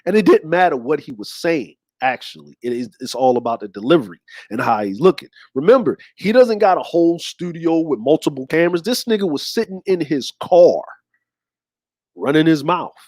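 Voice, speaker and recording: A man's voice: fairly high pitch, sing-song, fairly quick, a little mellow, no room sound, studio quality. Slangy male show host. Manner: slangy, rambling, talks straight to the audience. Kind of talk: casual commentary.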